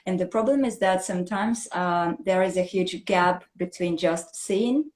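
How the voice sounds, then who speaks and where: A woman English teacher, explaining language points in an animated, conversational way and often checking in with "right?". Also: fairly low pitch, a little slow. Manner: animated, explanatory, frequent "you know" and "right?".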